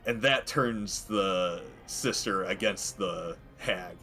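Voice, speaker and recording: A man's voice: fairly low pitch, takes it slowly, hardly any pauses, bright, forceful tone, faint music behind. A man casually commenting while playing a video game, rambling with many fillers and frequent chuckles. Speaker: let's play gamer.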